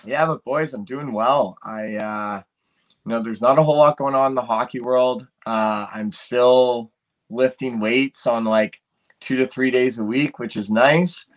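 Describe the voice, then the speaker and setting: A man joining a podcast as a guest, speaking at an ordinary mid pitch. He retells conversations in a relaxed way, leaning on "like" and "um" as he goes. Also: a little slow. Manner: relaxed storytelling, many "like"s and fillers. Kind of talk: casual chat.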